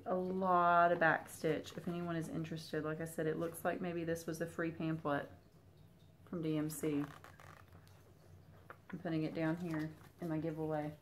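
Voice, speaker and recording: Chatty Southern woman vlogger, lowish voice. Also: little pitch movement, normal speed, slight background noise. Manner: chatty, talks straight to viewers. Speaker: Flosstube vlogger. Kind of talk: casual chat while unboxing.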